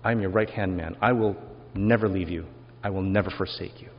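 A man's voice: low-pitched, fairly quick, soft background music. A man preaching who voices an eager, boastful male disciple pledging loyalty in an earnest, emphatic way. It is a dull, lo-fi recording with long hall reverb.

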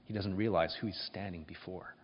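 A man preaching a sermon, telling the scene with emphatic, expressive storytelling. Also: low voice, fairly quick. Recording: dull recording with long reverb.

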